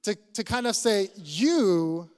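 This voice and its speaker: High-voiced pastor preaching slowly. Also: male voice, long reverb tail. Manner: earnest, probing with direct questions. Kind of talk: sermon. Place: church.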